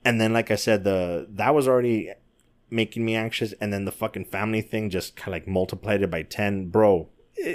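A man's voice: on the low side, fairly even intonation, a little fast. A man, a parent, talking casually and emotionally about a movie, swearing often and tripping over his words. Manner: emotional, heavy swearing, stumbling restarts.

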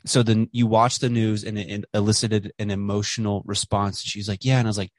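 A man's voice: lowish voice, level tone, a little fast, no echo. A man hosting a podcast, talking casually and rambling with many fillers and restarts, swearing now and then. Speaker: podcast host. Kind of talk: casual conversation.

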